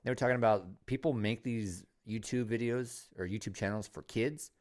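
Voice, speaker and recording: A man talking in a casual podcast chat, earnest and careful, often stumbling into restarts. His voice sits fairly low. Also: normal speed, a little mellow. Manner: cautious, earnest, a bit hesitant.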